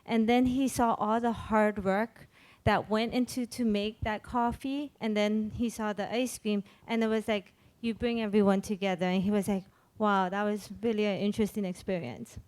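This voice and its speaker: A woman chef on a panel telling a lively story, acting out quoted dialogue. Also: medium pitch, normal speed.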